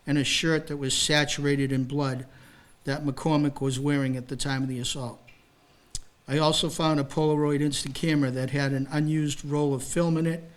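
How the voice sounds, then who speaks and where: An older man, a retired police detective, recounting a case to an audience. He reads formal report wording and breaks in with casual asides. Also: a little high. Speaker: retired police detective speaking at a library talk. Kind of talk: storytelling, reading from a case report.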